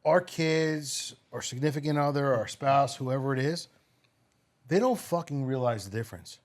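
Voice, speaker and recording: A man in his forties chatting on a podcast, blunt and profane, telling animated stories. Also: mid-range voice, normal speed. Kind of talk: casual podcast chat.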